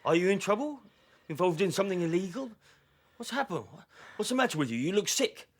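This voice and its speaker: A sensible male friend losing patience, scolding in a high voice that swings widely up and down. It is a filmed comedy drama role. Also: very animated, a little fast, husky, exaggerated voice. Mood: puzzled. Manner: scolding, impatient, alarmed.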